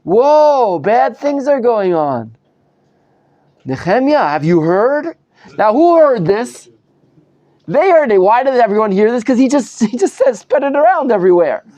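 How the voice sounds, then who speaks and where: A man's voice: extremely high pitch, big pitch swings, measured pace, mellow, no room sound. A man, a rabbi, giving a live Bible study lecture to students, dramatizing the text with many restarts. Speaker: rabbi teaching a class.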